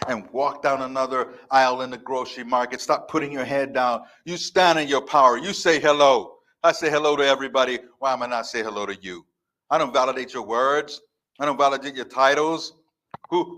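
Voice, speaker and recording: A man's voice: medium pitch, sharp tone. A man in his fifties giving a motivational speech as a life coach before a live audience, emphatic, repetitive and defiant. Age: 50s.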